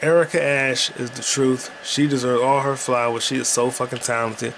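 A man's voice: mid-range voice, steady tone, normal speed, gravelly, fairly bright tone, a little hiss or hum. Rambling, profane man chatting casually. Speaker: podcast host playing a video game. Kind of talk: casual gaming commentary.

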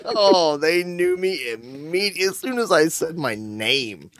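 A man's voice: on the high side, lively intonation, measured pace, fairly bright tone. A man with a Kentucky accent co-hosting a casual beer-tasting chat, blunt, teasing and swearing freely. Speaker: podcast co-host.

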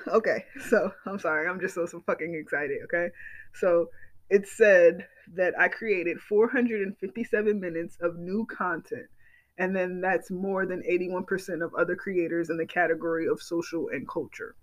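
High-voiced excitable man hosting a podcast. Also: normal speed, low-quality recording. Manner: excitable, gushing, repeats himself, swears. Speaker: podcast host. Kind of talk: casual solo podcast chat.

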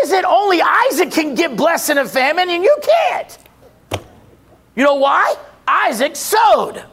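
Male preacher with a very high voice, emphatic, repetitive, call-and-answer delivery. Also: sing-song, measured pace, gravelly. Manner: emphatic, rising to shouts, then dropping low; repeats phrases, asks and answers his own questions. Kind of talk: sermon.

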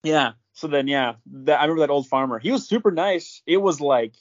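A podcast host tells a long story in casual chat, rambling with lots of "like", fillers and restarts. His voice is on the high side with lively intonation and a slightly fast pace, and the audio's highs are cut off.

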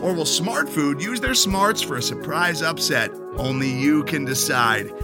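A high-voiced male announcer reads a scripted ad with a bouncy, swooping lilt. A clear music bed plays under his voice throughout. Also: a little slow. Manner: lively, upbeat promo delivery. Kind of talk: scripted ad read.

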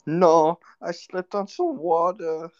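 A man voicing an injured young woman who whines about her leg in a high, pained, drawn-out voice. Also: animated, no echo, lo-fi sound. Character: whiny injured young woman lying on a floor.

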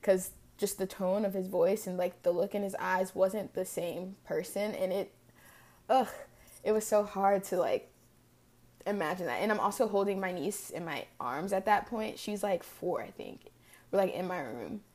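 A woman's voice: mid-range voice, normal speed, a little mellow. Reflective young woman telling a personal story. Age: early 20s. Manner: casual, reflective, frequent "like" fillers. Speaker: podcast host.

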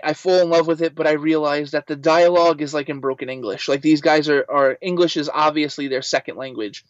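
A man being interviewed, telling stories in an animated, casual way, full of "like" and quick asides. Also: on the high side, no echo. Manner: animated, lots of filler "like". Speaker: guest, voice actor and writer. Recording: slightly muffled dry recording.

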